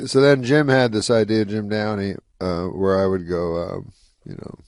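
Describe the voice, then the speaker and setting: A man's voice: fairly low pitch, steady tone, normal speed, a little mellow, no room sound, studio quality. A man in his fifties from Canada, a comedian guest telling stories in a rambling, wry way full of asides. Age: 50s. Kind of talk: casual anecdotal storytelling.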